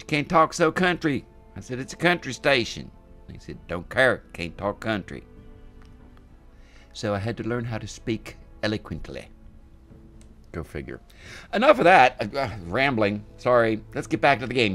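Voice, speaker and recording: A man's voice: deep voice, fairly bright tone. An older man from West Virginia giving casual, rambling let's-play commentary, chatty and self-deprecating. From West Virginia, USA. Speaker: gameplay commentator.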